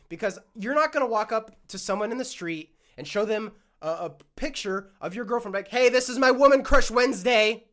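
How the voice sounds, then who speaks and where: A man's voice: very high voice, a bit bright. A young man hosting a solo podcast, ranting in a worked-up way and swearing often, his throat scratchy and prone to coughing. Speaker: podcast host.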